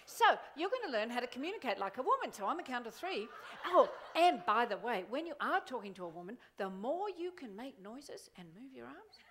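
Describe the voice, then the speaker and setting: A woman motivational speaker giving a playful, animated conference keynote, acting out little voices as she talks. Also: on the high side, brisk, slight background noise. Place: large conference hall.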